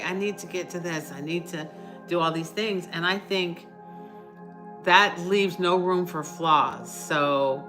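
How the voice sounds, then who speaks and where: A middle-aged woman hosting a casual livestream, chatting with viewers, reading their comments and offering warm reassurance. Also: lowish voice. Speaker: livestream host. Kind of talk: casual live chat with viewers.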